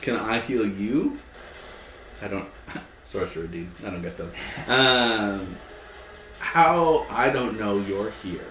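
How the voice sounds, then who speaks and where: A man's voice: lowish voice, lively intonation, takes it slowly, long pauses, a bit bright, a little hiss or hum. A man playing in a tabletop game, laid-back and joking, often laughing between his words. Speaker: player. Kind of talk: casual tabletop game chat. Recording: roomy recording with faint music.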